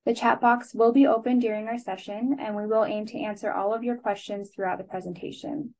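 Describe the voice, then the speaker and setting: Woman host running a webinar, polite and formal, mid-pitched voice reading the agenda. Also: fairly even intonation, brisk, a little mellow, low-quality recording. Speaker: webinar moderator. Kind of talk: scripted announcements.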